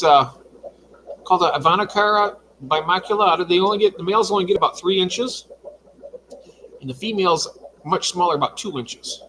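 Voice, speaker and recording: A man's voice: high voice, fairly bright tone, a little hiss or hum. A man hosting a casual livestream from his fish room at home, chatting and reading out viewer comments. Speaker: livestream host.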